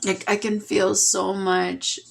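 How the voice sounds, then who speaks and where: A woman talks through a tarot reading in a loose, heartfelt way. She rambles and restarts, sighing now and then as she speaks. Her voice sits at an ordinary middle pitch. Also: little pitch movement, slow, gravelly, slight background noise. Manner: emotional, rambling, with sighs and laughs. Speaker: tarot reader. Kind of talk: casual spoken tarot reading.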